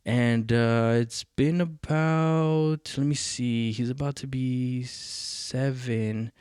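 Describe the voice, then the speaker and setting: A man's voice: mid-range voice, fairly even intonation, slow pace, a little mellow, clear, resonant tone, dry recording, studio quality. A young man hosting a podcast who tells a story in a loose, rambling way, swearing often, with many fillers and chuckles. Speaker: podcast host. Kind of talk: casual storytelling monologue.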